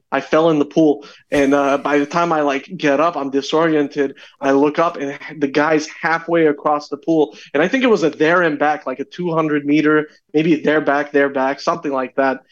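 A man's voice: fairly high pitch, moderate pace, lo-fi sound. A young man, a podcast guest, telling a story in casual chat and acting out the dialogue as he goes. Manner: animated, acts out dialogue in his stories.

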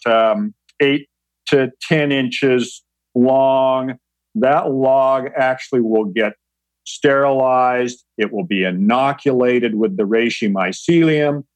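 A man's voice: mid-range voice, dry recording, low-quality recording. A man speaking as a guest, explaining things patiently in an interview, often restarting and repeating words. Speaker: guest, mushroom grower.

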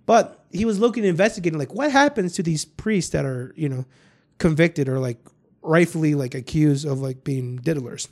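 A man's voice: fairly high pitch, animated, moderate pace, a little mellow. A man hosting a podcast, telling a story in rambling casual chat, full of restarts and swearing. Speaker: podcast host.

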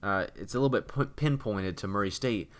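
A man's voice: fairly low pitch, fairly quick, a bit bright. A young man co-hosting a podcast, rambling in casual chat with lots of fillers. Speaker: podcast co-host.

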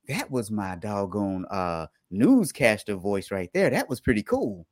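A man's voice: lowish voice, very animated, measured pace, a little mellow, no room sound, clean studio sound. A man hosting a casual podcast, joking around and reading news items aloud before explaining them in plain terms. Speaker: podcast host.

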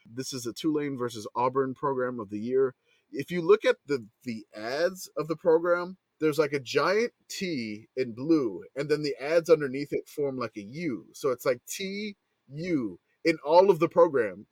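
A man hosting a casual podcast chat, excitable, swearing and laughing as he talks. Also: mid-range voice, moderate pace, no echo. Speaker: podcast host.

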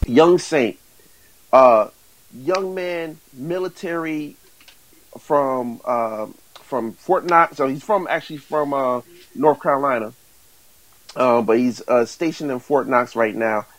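A man who owns a music management company, answering interview questions haltingly before building into an enthusiastic pitch for his artist. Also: dry recording, rough recording. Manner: halting, many fillers and restarts, then builds to enthusiastic pitching.

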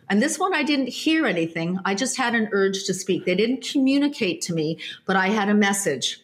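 A woman telling a casual anecdote in an animated way, restarting sentences often and acting out other people's voices. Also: medium pitch, moderate pace, few pauses.

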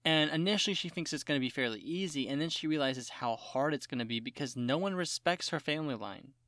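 This co-host rants hard in casual chat, swearing freely and acting out the characters with sudden jumps in pitch. The voice sits at a middling pitch. The sound is close and dry. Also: fast talker, dry recording. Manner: animated ranting with profanity and mock quotes. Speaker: podcast co-host.

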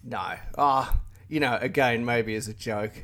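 A man's voice: mid-range voice, bright, forceful tone. Laughing Australian man on a call. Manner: laughs often, self-deprecating, halting restarts. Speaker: guest, YouTube channel creator. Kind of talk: casual interview over a call. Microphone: remote call.

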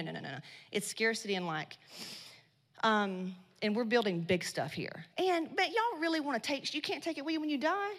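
A woman giving a blunt, profane motivational talk to a live audience at a women's business event. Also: on the high side. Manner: blunt, swearing, slangy and loud in bursts. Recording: long hall reverb.

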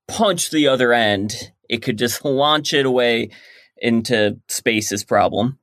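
A man with a middle-pitched voice speaks as a podcast guest. He explains his ideas thoughtfully and at length. The recording is dry and close. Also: a little slow, fairly bright tone, dry recording. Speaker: guest comic creator. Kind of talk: casual interview chat.

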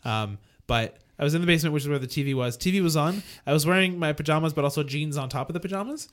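A man's voice: fairly high pitch, quick pace. A man on a podcast telling casual anecdotes in a rambling way, with lots of "like" and "you know" fillers. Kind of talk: casual storytelling.

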